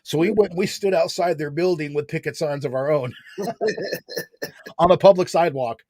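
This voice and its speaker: Man, 40s, casual storyteller, slangy and lively, a bit high, dry sound. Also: moderate pace, no room sound. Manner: animated, slangy, lots of "man" and "right?".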